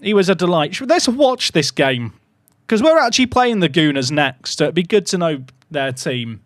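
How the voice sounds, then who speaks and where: Here a man rambles through a casual live stream, breaking off mid-word and cooing fondly at his puppy now and then. His voice is fairly high and sing-song at normal speed, captured as a dry recording with clean studio sound.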